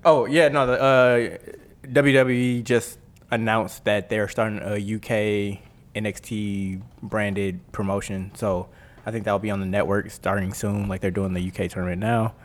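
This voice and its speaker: A man's voice: lowish voice, fairly even intonation, normal speed. Laid-back thirty-year-old man. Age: 30s. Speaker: podcast co-host. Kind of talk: casual sports chat.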